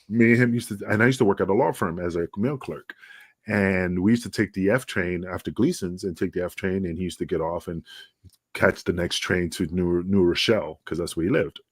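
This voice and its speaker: A middle-aged man, telling wrestling stories as a podcast guest and acting out the dialogue with a lively raised voice. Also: low-pitched, fairly quick, breathy edge. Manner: animated, acts out dialogue with raised voice. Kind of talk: casual storytelling interview. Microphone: remote video call.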